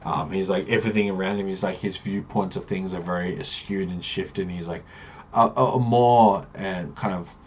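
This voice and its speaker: A man's voice: low voice, fairly even intonation, moderate pace, slight background noise. A man, a game master recapping a tabletop campaign in loose, rambling storytelling.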